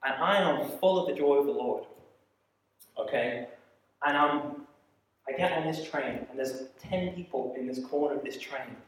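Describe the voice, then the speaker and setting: Preacher in an echoey hall. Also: male voice, mid-range voice. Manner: animated, quick asides, acts out quoted voices. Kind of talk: sermon storytelling. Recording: echoey hall, mic at a distance.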